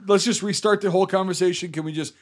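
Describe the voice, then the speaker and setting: A man's voice: high-pitched, fairly even intonation, fast talker. Profane, blunt man on a podcast. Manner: profane, blunt, rambling with restarts. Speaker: podcast co-host, veteran. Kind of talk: casual podcast banter.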